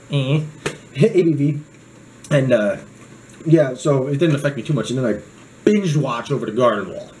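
A man's voice: medium pitch, a little mellow, a little hiss or hum, low-quality recording. A young man talking casually to camera in a joking, rambling way, drifting off on tangents as he reviews a knife.

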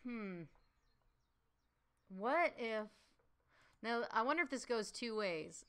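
A woman's voice: on the high side, expressive, slow, smooth. A woman voice-over artist giving chatty let's-play commentary while playing a puzzle game, reacting aloud with gasps and exclamations. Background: game music.

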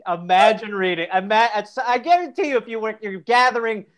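A man's voice: high-pitched, brisk, fairly bright tone. A man hosting a comedy podcast, chatting and reading letters aloud in mocking voices. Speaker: podcast host.

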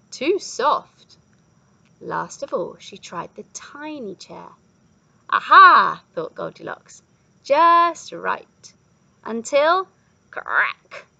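Animated woman reading a storybook slowly. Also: a little high, creaky, slightly rough, low-quality recording. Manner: animated, expressive.

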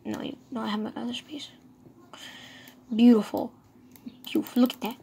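A woman giving casual, excitable commentary while she plays a game, talking to herself. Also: fairly high pitch, normal speed, creaky, breathy edge. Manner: chatty, excitable, talks to herself. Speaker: gamer.

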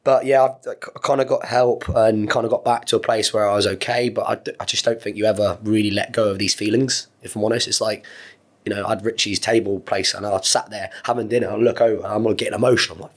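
A man's voice: fairly low pitch, fairly even intonation, fast talker. A man, an ex-Marine in his thirties, talking openly and at length as a podcast guest, rambling and earnest with some swearing. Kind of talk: candid conversational interview.

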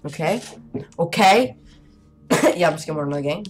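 A woman's voice: sits low, fast. A woman giving casual commentary while playing a horror game, chatty and talking to her viewers, jumpy and easily startled, with nervous laughter.

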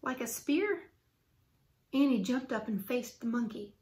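Expressive woman reading a children's book. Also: on the high side, measured pace. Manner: lively, expressive storytelling. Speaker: teacher reading aloud. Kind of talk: children's book read-aloud. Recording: roomy echo.

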